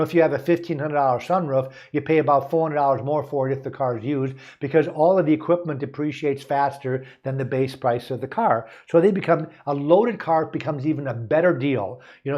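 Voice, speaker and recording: A man's voice: mid-range voice, a little mellow. Car dealer guy from the us hosting his show, folksy and rambly, keeps restarting his sentences. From United States. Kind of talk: casual advice talk, partly reading aloud.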